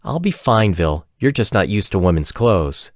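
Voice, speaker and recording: A man voicing a spirited, quick-tempered young woman adventurer in an audiobook, raising his voice to sound lighter. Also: lowish voice, very animated, no room sound, studio quality. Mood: bright.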